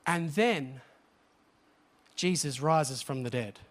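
A man preaching a sermon, animated and often asking the congregation questions. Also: fairly high pitch, slow.

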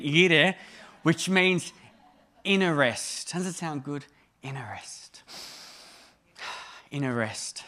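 High-voiced man preaching with humor. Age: 30s. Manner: conversational and humorous, with sudden emphatic rises and soft drops. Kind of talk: sermon.

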